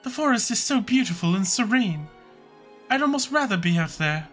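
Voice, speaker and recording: A man voicing a kind, hopeful young woman in a game, speaking softly and earnestly. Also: high-pitched, big pitch swings, moderate pace, soft background music, voice pushed up. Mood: gentle. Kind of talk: voicing game dialogue on a let's-play.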